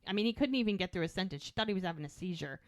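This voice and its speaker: A woman's voice: mid-range voice, lively intonation, rapid-fire, darkish tone, dry recording, studio quality. A woman co-hosting a casual rewatch podcast, retelling scenes and acting out the characters' lines. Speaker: podcast co-host. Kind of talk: casual recap chat.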